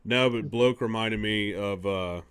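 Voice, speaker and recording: A man's voice: lowish voice, measured pace, a bit bright, smooth. A man co-hosting a podcast in casual chat, easygoing and rambling, with lots of fillers. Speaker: podcast co-host.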